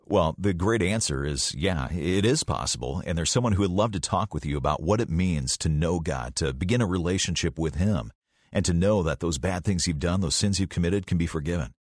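A man announcing a radio ministry program, calmly inviting listeners to call. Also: low-pitched, brisk, dry recording, clean studio sound. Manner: calm, inviting, direct address to listeners.

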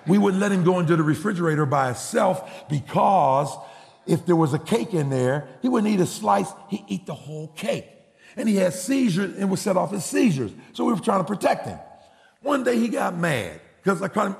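A male pastor preaching a sermon, telling a family story and building to shouted exhortation. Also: high voice, very animated, normal speed, gravelly, big-room sound. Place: church.

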